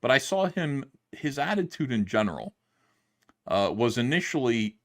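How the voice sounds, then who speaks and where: A man's voice: medium pitch, normal speed. A middle-aged man, a comic book creator, telling a long story in a casual livestream monologue and acting out the quotes. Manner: rambling, animated retelling with acted-out quotes.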